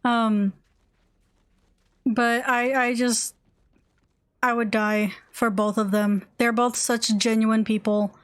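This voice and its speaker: A woman's voice: fairly high pitch, little pitch movement, takes it slowly, long pauses. A young woman streamer talks casually while she plays, rambling and gushing, with plenty of fillers and restarts. Her voice sits a little above average. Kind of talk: casual chat while gaming.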